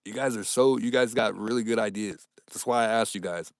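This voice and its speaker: A young man hosting a casual livestream, upbeat and animated as he reads viewer comments and thanks his audience. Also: lowish voice, brisk, dry recording, studio quality. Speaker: livestream host.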